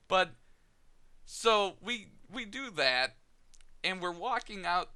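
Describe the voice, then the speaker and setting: A man's voice: high voice, sing-song, extremely slow, sharp tone. A young man casually telling a personal story on his vlog, candid and chatty, often laughing and acting out both sides of remembered conversations. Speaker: vlogger.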